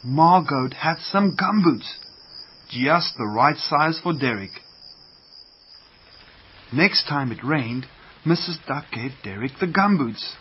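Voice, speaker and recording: Man slowly reading a children's story. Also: medium pitch. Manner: slow, gentle read-aloud. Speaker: radio storyteller. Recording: muffled lo-fi radio, faint hiss.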